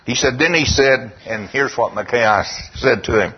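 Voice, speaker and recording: Male preacher, husky, storytelling sermon, muffled lo-fi sound. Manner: storytelling, quoting scripture in a slow, lowered voice. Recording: dull lo-fi recording.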